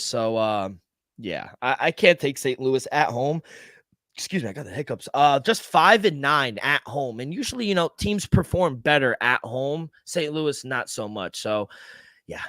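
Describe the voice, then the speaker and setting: A man's voice: medium pitch, a bit bright, dry recording. A man co-hosting a sports betting podcast, talking casually with frequent swearing and exasperated rants about his team.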